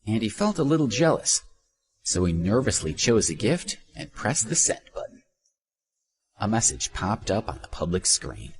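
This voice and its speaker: A man narrating an audiobook with a very deep voice. His pitch rises and falls a lot as he tells the story expressively. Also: animated, normal speed.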